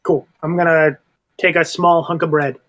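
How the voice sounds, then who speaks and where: A man with a fairly high voice plays in a tabletop game, describing his moves in a laid-back, joking way. He talks loosely and casually. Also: level tone, moderate pace, fairly bright tone. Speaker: player.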